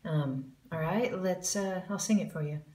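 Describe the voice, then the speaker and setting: A woman's voice: lowish voice, moderate pace, dark tone, echoey room. A woman giving a jazz singing lesson, explaining the music and counting in before she scat-sings the examples. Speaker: vocal jazz teacher.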